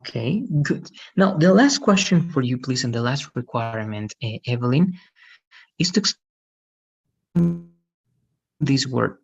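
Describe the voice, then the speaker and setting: A man's voice: medium pitch, lively intonation, measured pace, gravelly, pauses often, husky, lo-fi sound. A man teaching an online English lesson, patiently explaining and often checking with "right?". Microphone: video call.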